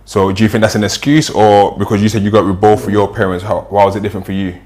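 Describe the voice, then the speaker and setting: A man hosting a podcast, asking measured, probing questions in a casual way with fillers. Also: on the low side, steady tone, darkish tone. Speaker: podcast host.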